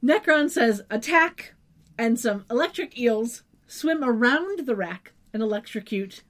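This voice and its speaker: A woman co-hosting a podcast, with a voice pitched a little high. She walks through the plot in a casual recap style, adding wry asides, laughs and the odd curse. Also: lively intonation, a little slow. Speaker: podcast co-host.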